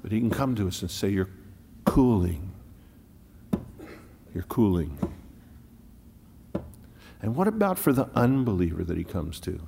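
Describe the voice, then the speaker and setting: A pastor preaching a sermon, moving from loud declaring to hushed near-whispers and slowing down to lean on key words. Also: male voice, fairly low pitch, big pitch swings, gravelly, long reverb tail, slight background noise. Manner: slow deliberate phrasing on key words.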